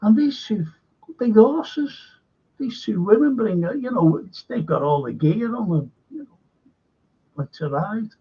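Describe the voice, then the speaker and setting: A man with a high, husky voice spins a rambling anecdote and throws himself into the quoted dialogue. The sound is dull and lo-fi. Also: lively intonation, unhurried, dark tone. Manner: rambling storyteller, acts out quotes animatedly. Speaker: show co-host. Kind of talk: casual anecdotal chat.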